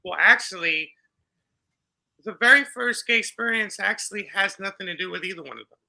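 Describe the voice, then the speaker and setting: Middle-aged male guest, gravelly and very bright-toned, telling stories with lots of animation. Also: sits high, a little fast. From New York. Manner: animated, acts out dialogue with laughter. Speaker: podcast guest. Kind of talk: storytelling in an interview.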